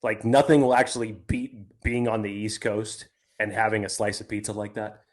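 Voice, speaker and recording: A man's voice: on the low side, level tone, moderate pace. A man co-hosting a casual sports podcast, talking in long rambling sentences that restart midway. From California. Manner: rambling, self-interrupting. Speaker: podcast co-host.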